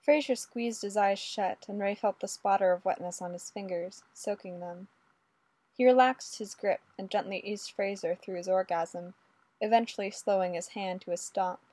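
A woman narrating adult fiction aloud in a steady, measured reading. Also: medium pitch, no room sound.

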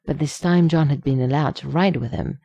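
A woman reading a story aloud as narrator, expressive and close to the microphone. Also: low-pitched, a little fast, gravelly, dry recording, dull audio. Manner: expressive, reads punctuation aloud. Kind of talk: audiobook reading of fan fiction.

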